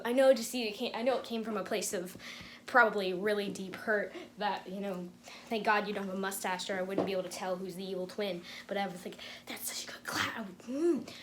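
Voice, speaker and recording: A young woman reacting to an episode on her home vlog, gushing and excitable with frequent laughter and sudden whispers. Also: medium pitch, slight background noise. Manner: gushing, breathless, laughing often, drops into whispers. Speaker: reaction video host. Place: home room with tripod camera. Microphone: camera on tripod.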